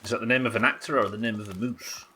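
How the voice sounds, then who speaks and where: A man's voice: medium pitch, steady tone, racing, pushed and bright, slight background noise, low-quality recording. A man from the United Kingdom chatting and joking casually while streaming a survival game, swearing now and then. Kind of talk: casual gameplay commentary.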